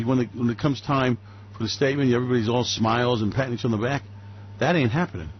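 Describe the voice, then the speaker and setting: A man giving animated radio market commentary, telling it as a story and acting out quoted voices. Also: mid-range voice, husky, lo-fi sound.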